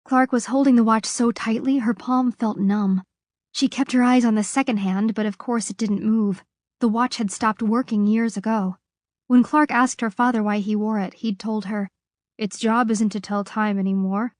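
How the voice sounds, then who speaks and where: Expressive woman narrating an audiobook. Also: fairly high pitch, no room sound, clean studio sound. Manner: measured, expressive reading.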